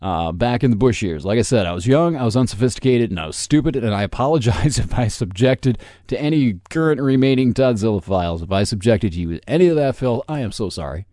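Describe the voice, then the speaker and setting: A man's voice: mid-range voice, expressive, fairly quick, hardly any pauses, warm tone, dry recording, clean studio sound. A man in his forties hosting a solo podcast, ranting in a sarcastic, combative and profane way. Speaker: podcast host.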